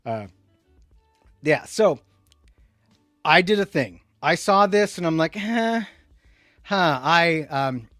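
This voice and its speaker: Man, livestream host, casual rambling chat, slightly high voice, dry close sound. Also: no room sound. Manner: rambling, chatty, lots of restarts and asides; swings between loud emphatic bursts and low muttered asides.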